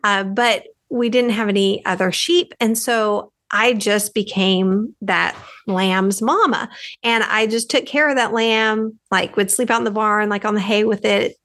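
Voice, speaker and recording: A woman's voice: medium pitch, steady tone, a little slow, a bit bright. A woman podcast host from the United States, telling a personal story in a chatty, rambling way with lots of "like" fillers.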